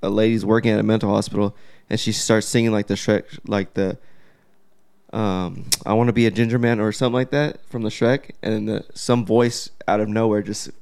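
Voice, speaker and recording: A man's voice: lowish voice, fairly even intonation, normal speed, creaky, a little mellow. Young guy rambling to his buddies, like like like, cussing here and there. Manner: rambling, swearing, lots of fillers. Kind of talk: casual chat.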